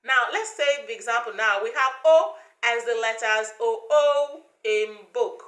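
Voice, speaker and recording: A woman teaching English pronunciation, speaking slowly and deliberately and repeating each sound for learners to copy. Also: fairly high pitch, a bit bright, reverberant.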